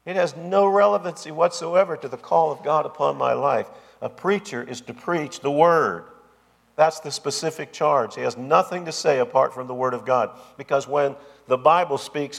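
A man's voice: medium pitch, gravelly. A man preaching a sermon as pastor, with an emphatic, repetitive cadence. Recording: long hall reverb.

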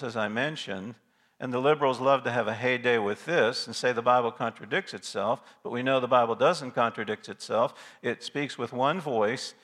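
A man's voice: mid-range voice, a bit bright. A male pastor preaching a sermon in an emphatic way, stopping to ask his listeners rhetorical questions.

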